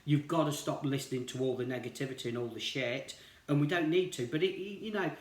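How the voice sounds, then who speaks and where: A man's voice: medium pitch, brisk. A man giving a casual tarot reading to viewers, talking in a rambling, reassuring way and often saying "you know". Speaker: tarot reader. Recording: roomy echo.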